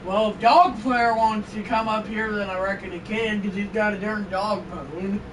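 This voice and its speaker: A man commentating a football video game on a live stream, excitable and breaking into shouted exclamations. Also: high voice, moderate pace. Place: indoors, on the floor next to a fan. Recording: distant mic with fan noise.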